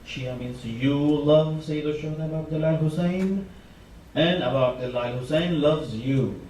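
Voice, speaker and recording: A man's voice: on the high side, normal speed, a little mellow, slight background noise. Impassioned man preaching in an echoey hall. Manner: impassioned, rising emphasis on repeated phrases. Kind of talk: sermon. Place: mosque hall. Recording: echoey hall, mic from far off.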